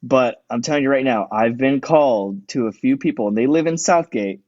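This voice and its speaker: A man's voice: medium pitch, normal speed, darkish tone, dry recording. Foul-mouthed firefighter guy telling wild stories on a podcast, dry dull lo-fi sound. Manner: profane, rowdy storytelling with acted-out quotes. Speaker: podcast guest, firefighter and EMT. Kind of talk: casual chat.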